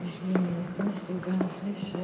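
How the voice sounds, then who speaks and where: A woman's voice: on the low side, flat delivery, normal speed, very noisy. Chatty church worker, a woman, heard in a big echoing hall with muffled sound. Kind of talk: casual conversation. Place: large church interior.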